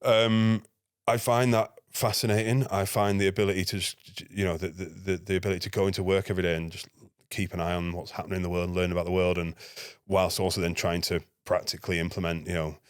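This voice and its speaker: Fast-talking man, low voice. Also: clear, resonant tone, no room sound, clean studio sound. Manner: lively anecdote-telling, acting out his own dialogue. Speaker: guest, NGO security manager. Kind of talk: casual podcast storytelling.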